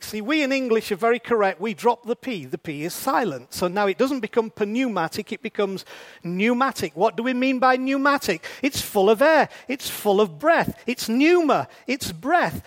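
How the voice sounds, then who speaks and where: High-voiced man preaching a sermon. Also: a bit bright. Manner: conversational, asks rhetorical questions.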